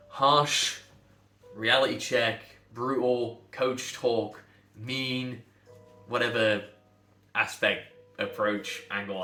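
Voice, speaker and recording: A man's voice: mid-range voice, bright, forceful tone. A man coaching pronunciation, blunt and emphatic, repeating phrases to drive points home. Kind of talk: direct-to-camera lesson. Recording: echoey room with faint music.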